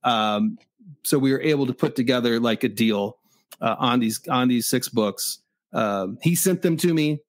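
A comic shop owner from Michigan, in his forties, telling a story in a casual, animated way and acting out both sides of the exchange. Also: medium pitch, moderate pace, no room sound.

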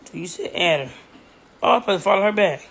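A woman's voice: medium pitch, expressive, quick pace, a little hiss or hum. A woman livestreaming in casual talk, repeating herself insistently and swearing a lot. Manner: repetitive, insistent, swears heavily.

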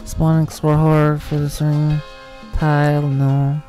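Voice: medium pitch, monotone, warm tone, soft background music. A gaming channel host giving live let's-play commentary, thinking aloud and breaking into panicky, swearing outbursts while playing. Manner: thinks aloud, reading game text slowly.

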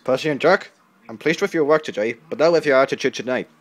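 Man playing a stern railway controller, firm, commanding, loud-ish, storybook. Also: medium pitch, quick pace, natural voice.

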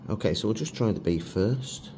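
A man's voice: fairly low pitch, animated, moderate pace, dark tone, slight background noise. A middle-aged man reviewing food for his vlog in a chatty, self-mocking way with chuckles. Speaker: food vlogger.

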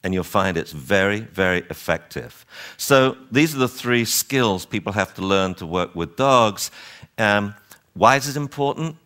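A man lecturing a seminar on dog training, animated and wryly exasperated, acting out owners and dogs as he goes. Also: on the low side, a little slow, clear, resonant tone.

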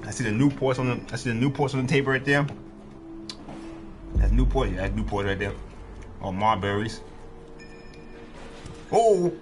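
Animated and mid-range in voice, a man streams a game at a moderate pace, leaving long pauses between his jokes and free swearing. He talks to the screen in casual let's-play style as game music blares behind him.

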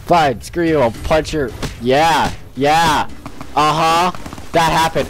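A man's voice: a little high, takes it slowly, soft background music. A young man giving casual let's-play commentary at his computer, breaking into panicky yelps and shrieks and laughing often. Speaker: gamer.

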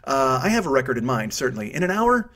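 Husky, profane man rambling in his fifties. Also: medium pitch, sing-song, fast talker, a bit bright. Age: 50s. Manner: profane, self-mocking, goes off on tangents. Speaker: podcast host. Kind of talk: rambling solo comedy podcast.

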